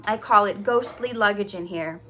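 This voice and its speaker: A middle-aged woman hosting an inspirational talk, reading her poem and turning to viewers with earnest, animated asides. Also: mid-range voice, moderate pace, a little hiss or hum. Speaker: inspirational video host.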